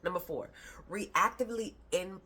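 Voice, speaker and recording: A woman's voice: fairly low pitch, moderate pace, bright, forceful tone, slightly rough. A woman parenting coach giving a casual, conversational talk to camera, emphatic and slangy, with playful rhyming asides.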